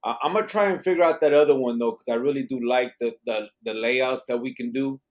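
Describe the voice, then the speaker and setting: A man's voice: mid-range voice, quick pace. A man hosting a casual live podcast, reading viewer comments aloud and dropping in Spanish slang. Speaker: podcast host.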